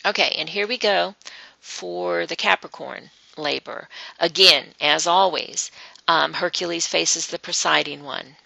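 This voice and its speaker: A woman's voice: lowish voice, a little slow, vocal fry, pushed and bright, no room sound, poor audio. A woman presenting an online webinar, teaching in a loose, rambling way with many ums and uhs. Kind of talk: informal teaching talk to an online group.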